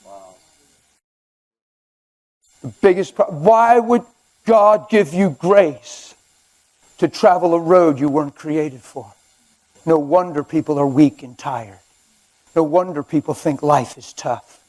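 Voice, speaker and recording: An older man preaching a sermon in a church, conversational and animated with sudden loud outbursts. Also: fairly high pitch, slow, long pauses.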